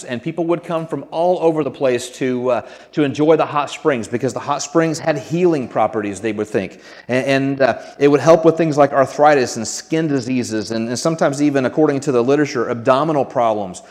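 A man's voice: a little high, darkish tone, in a large hall. A man preaching a sermon to his congregation in an earnest, conversational way, often restarting his sentences. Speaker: pastor.

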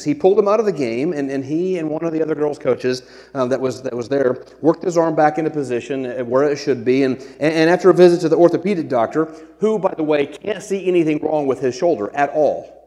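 A middle-aged man delivers a sermon as a pastor, earnest and chatty, stumbling over and restarting phrases as he goes. His voice is mellow and warm, carried on the long reverb of a church hall. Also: medium pitch. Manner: earnest, conversational preaching with frequent restarts.

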